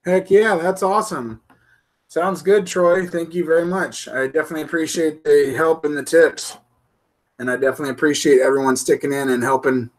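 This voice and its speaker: A man's voice: on the high side, steady tone, brisk. A man hosting an RC hobby show, chatting casually and goofily with his live-stream viewers. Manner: goofy, laughing, chatty with viewers.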